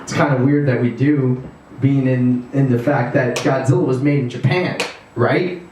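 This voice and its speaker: A man's voice: mid-range voice, steady tone, a little mellow. A male stand-up comedian talks at a house party, stumbling through his jokes with plenty of "um"s and restarts. He sounds far from the mic, and the room rings with strong echo. A faint hum of noise sits underneath. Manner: rambling, halting delivery with many fillers. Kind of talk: stand-up set.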